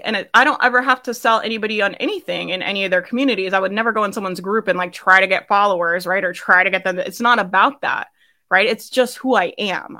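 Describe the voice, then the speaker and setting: A woman's voice: mid-range voice, sharp tone. A young woman hosting a live business coaching session, talking casually and emphatically, often asking "right?" and laughing. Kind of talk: casual motivational coaching talk.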